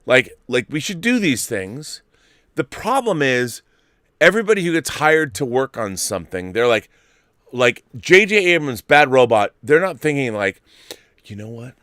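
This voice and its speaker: A middle-aged man hosting a late-night live-stream, ranting hard and swearing freely. His voice is bright and forceful. The sound is close and dry, with no room around it. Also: medium pitch, sing-song, moderate pace, no room sound. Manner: ranting, profane, loud bursts. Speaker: host.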